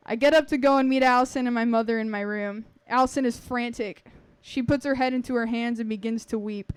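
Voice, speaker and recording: Storyteller, wry and earnest, somewhat high, smooth voice. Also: female voice, steady tone, fairly quick, hardly any pauses, dry recording. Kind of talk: reading a personal story aloud.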